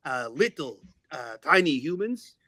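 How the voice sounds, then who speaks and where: Owl informant, male, schmoozy and conspiratorial, a touch higher and lighter as a game master puts him on. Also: very animated, measured pace, bright, forceful tone, no echo, clean studio sound, full character voice. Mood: schmoozing. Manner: chummy, conspiratorial, slips into mock Spanish.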